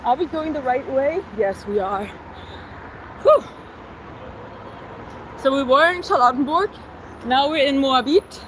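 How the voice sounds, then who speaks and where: Bright high-voiced German woman streaming outdoors. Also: lively intonation, measured pace, pauses often, rough recording. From Berlin, Germany. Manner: chatty, greets viewers, many "like" fillers. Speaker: livestreamer. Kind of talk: casual live-stream chat while walking. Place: outdoors on city streets. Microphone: phone on a selfie stick. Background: faint street and traffic noise.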